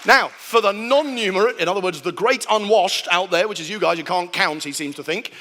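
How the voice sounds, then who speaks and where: A man's voice: sits high, a little fast, bright, forceful tone, in a large hall, some chatter behind, a little hiss or hum. A man giving a humorous sermon to a live audience, acting out sounds and voices as he tells stories. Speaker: preacher giving a talk. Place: large hall before an audience.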